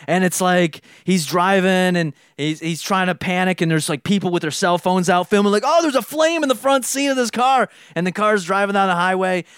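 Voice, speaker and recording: A young man in casual chat, rambling through a movie pitch and acting out the lines of its characters. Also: a bit bright, clean tone, dry recording, clean studio sound. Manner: rambling storyteller, acts out quotes. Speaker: podcast co-host pitching a movie idea.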